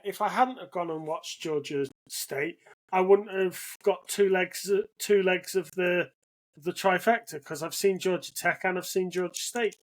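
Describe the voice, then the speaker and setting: A British man co-hosting a podcast, telling a rambling anecdote in casual chat with many restarts. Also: high-pitched. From Britain. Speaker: podcast co-host.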